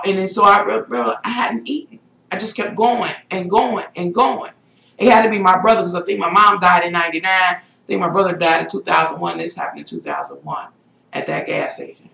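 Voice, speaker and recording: A woman's voice: normal speed, vocal fry, pushed and bright. Middle-aged woman vlogger, casual rambling storyteller, echoey room. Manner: rambling, with shrill exclaimed self-quotes. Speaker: spiritual vlogger.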